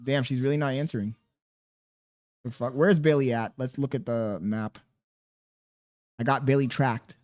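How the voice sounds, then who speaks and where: A male streamer chatting off the cuff with his viewers, his voice sitting in an ordinary middle pitch. He slips into soft, coaxing baby talk, then reads viewer messages aloud and answers them with loose, profane banter. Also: fairly even intonation, normal speed, pauses often. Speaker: livestreamer. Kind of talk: casual livestream chat.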